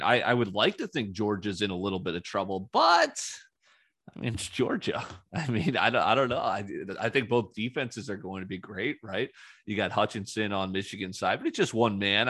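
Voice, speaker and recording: A man's voice: lowish voice, a bit bright, breathy edge, no echo, studio quality. A man hosting his own sports talk show, rambling and opinionated with sarcastic asides, speaking casually on his own. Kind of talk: casual solo sports commentary.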